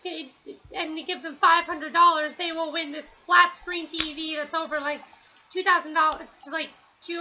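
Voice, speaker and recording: A woman's voice: very high voice, sharp tone, dull audio. A woman giving a casual, rambling spoken review at home, with many fillers and restarts. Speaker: TV episode reviewer.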